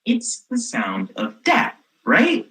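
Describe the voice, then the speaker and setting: A young woman playing a snarky rebellious teen girl in a comic stage monologue, sarcastic and exasperated, with a lively voice. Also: fairly high pitch, slow, full character voice, poor audio. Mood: sardonic. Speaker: student actor.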